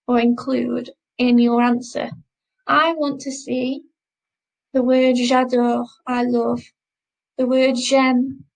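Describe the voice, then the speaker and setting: A woman teaching a school French class, speaking slowly and patiently and repeating each word twice. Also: high voice, poor audio. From England. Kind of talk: classroom lesson explaining French grammar.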